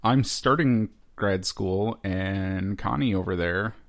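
A man's voice: deep voice, slow pace. A young adult man co-hosting a podcast, chatting casually with a dry, teasing sense of humor. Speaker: podcast co-host. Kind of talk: casual chat.

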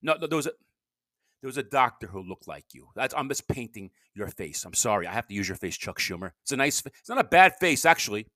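A man talks on his own homemade podcast, wandering from thought to thought and running himself down. His pitch swings widely, from loud outbursts to low grumbles. The sound is close and dry, with no room around it. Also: sing-song, quick pace, dry recording. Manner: rambling, self-deprecating, veers between loud bursts and low mutters. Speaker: amateur podcast host. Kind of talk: rambling solo monologue. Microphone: home podcast mic.

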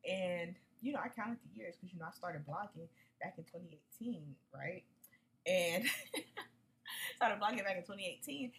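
A woman's voice: lowish voice, lively intonation, measured pace, a bit bright, a little hiss or hum, poor audio. A woman hosting a casual solo podcast, chatty and upbeat, using slang and talking straight to her listeners. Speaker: podcast host.

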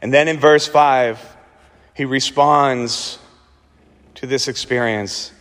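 A man preaching a sermon as pastor, slowing and repeating words for emphasis, with dramatic pauses. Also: medium pitch, fairly even intonation, fairly bright tone, big-room sound.

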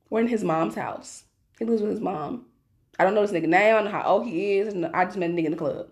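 A woman podcast host telling a story in casual chat, animated and profane, acting out each voice; she says her voice naturally carries. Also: medium pitch, fast talker. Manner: animated, profane, acts out every voice in her stories.

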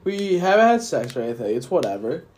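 A man's voice: a little high, very animated, quick pace, a little mellow. A drunk young man rambling through a profane story on a casual podcast. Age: young adult. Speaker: podcast host. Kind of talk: casual chat.

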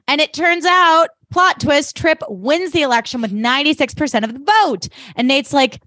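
A woman's voice: high voice, moderate pace, no echo. A woman co-hosting a podcast, recapping a TV episode in casual chat and acting out the characters' lines as she goes. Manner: animated recapping, quoting characters in voices. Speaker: podcast co-host.

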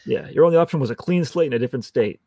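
A man with a gravelly, creaky voice at an ordinary pitch, co-hosting a casual podcast chat about a TV episode. He is chatty, laughs often and slips into quoted lines from scenes. The sound is dry and close, with no room around it. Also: very fast, warm tone, dry recording. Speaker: podcast co-host.

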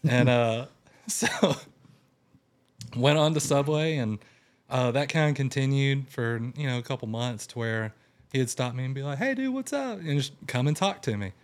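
A man's voice: mid-range voice, moderate pace. A young man in casual conversation, telling a long personal story and acting out what people said. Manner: animated, acts out quotes in raised voice. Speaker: guest telling his story.

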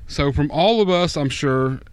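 A man's voice: a little high, animated, measured pace, smooth, dry recording. A man co-hosting a casual sports podcast, rambling in an exasperated, profane way. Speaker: podcast co-host. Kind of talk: casual fantasy football chat.

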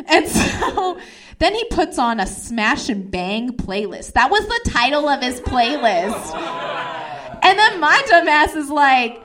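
A young woman telling a stand-up comedy story, talking fast and acting out every voice in it. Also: fairly high pitch. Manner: fast, animated, acts out every voice in her story.

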